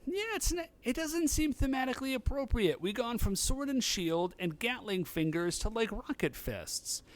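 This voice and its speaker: A man's voice: extremely high pitch, lively intonation, normal speed. A man co-hosting a podcast, chatting casually and animatedly retelling scenes. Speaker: podcast co-host.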